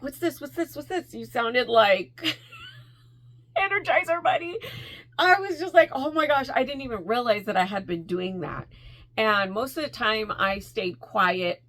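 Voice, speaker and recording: A woman vlogging casually to camera, telling stories with quick asides, bursts of laughter and an animated delivery. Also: mid-range voice. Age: adult with a school-age daughter. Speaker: crochet vlogger.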